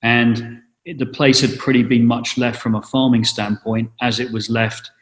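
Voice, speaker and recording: The recording has a roomy echo, and the speaker, a middle-aged Englishman, uses a mid-range voice with little pitch movement at normal speed. He answers casual interview questions hesitantly, with frequent fillers and false starts.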